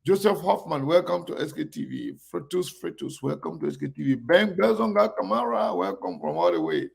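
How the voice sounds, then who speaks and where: A man's voice: on the high side, very animated, brisk. A man hosting a casual live-stream, greeting viewers one by one by name. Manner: gravelly. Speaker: online show host.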